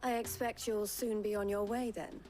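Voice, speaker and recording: A woman's voice: mid-range voice, little pitch movement, moderate pace, mellow, close to an everyday voice. An actress playing a gracious but shrewd businesswoman in a video game cutscene, with faint music behind. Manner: polished, gracious, shrewdly teasing. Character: shrewd businesswoman running a caravan company.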